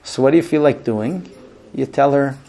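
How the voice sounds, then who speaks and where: A man teaching grooms about marriage in a lively, humorous lecture, acting out bits of dialogue and using many fillers. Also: mid-range voice, normal speed, creaky. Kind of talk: lively lecture to a small class. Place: room with a live audience.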